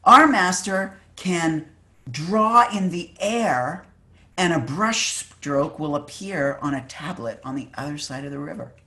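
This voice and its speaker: A preacher voicing a brash young martial arts student who shouts a boastful challenge across a river in a sermon story. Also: medium pitch, normal speed, hardly any pauses, lightly acted.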